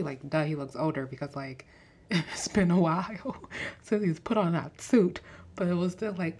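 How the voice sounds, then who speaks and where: Young woman, low voice, animated casual podcast chatter full of fillers. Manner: animated, fast-talking, frequent fillers and laughs. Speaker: podcast host. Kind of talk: casual movie review chat.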